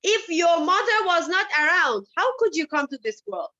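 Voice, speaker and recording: High, bright-voiced woman giving a passionate speech. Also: very animated, moderate pace. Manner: impassioned, asks many rhetorical questions. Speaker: summit speaker. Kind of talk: personal storytelling speech. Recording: dull lo-fi recording.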